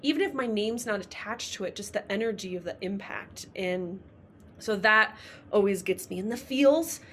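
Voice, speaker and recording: Woman guest, upbeat and emotional, mid pitch, faint hiss behind her. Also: animated, normal speed, a bit bright. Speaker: podcast guest, coach. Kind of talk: casual interview chat.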